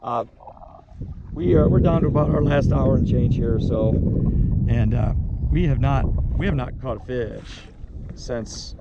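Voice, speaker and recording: A man's voice: medium pitch, unhurried, long pauses, dull audio, very noisy. A man working as a fishing guide, chatting and joking on a boat on a lake, often laughing and restarting his sentences. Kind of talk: casual fishing vlog chat.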